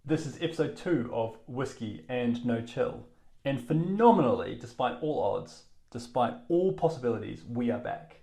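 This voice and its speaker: Podcast co-host, New Zealand man, lively swooping delivery, wry banter, roomy echo on the recording. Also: medium pitch, normal speed, creaky. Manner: animated, wry, teasing. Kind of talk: casual chat over whiskey tasting.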